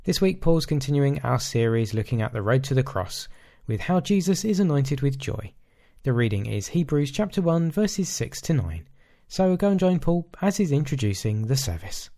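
Gravelly mellow guy doing a short scripted church service intro, lots of pitch movement. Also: sing-song, normal speed.

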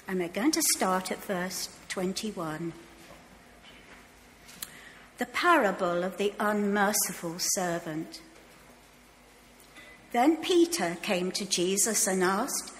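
A woman reading scripture aloud slowly and carefully in church, with a tickly throat she keeps clearing. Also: mid-range voice, a bit bright, slight background noise. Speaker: Bible reader. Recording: long reverb of a church hall.

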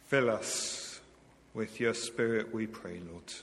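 Male minister, slow and gentle intercession prayer, reverberant church hall. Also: fairly low pitch. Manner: slow, gentle, repeating "Lord".

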